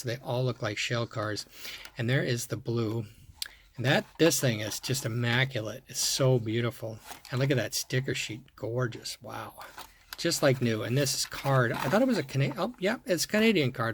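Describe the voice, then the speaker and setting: A man with a middle-pitched voice talks casually through a show-and-tell of his collection. He rambles and repeats himself while admiring each piece. A faint hiss sits under the recording. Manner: admiring, rambling, repeats words, thinks aloud. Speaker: toy car collector showing a collection.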